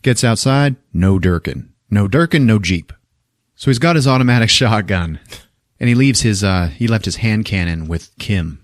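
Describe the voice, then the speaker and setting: Low-voiced man swearing through a movie recap. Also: lively intonation, moderate pace, dry recording, clean studio sound. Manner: profane, laughing storytelling. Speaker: podcast host.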